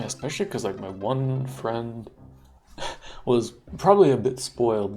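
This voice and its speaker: A man in his thirties with a lowish voice chats casually while streaming a game. He's relaxed, laughs often, and swears freely.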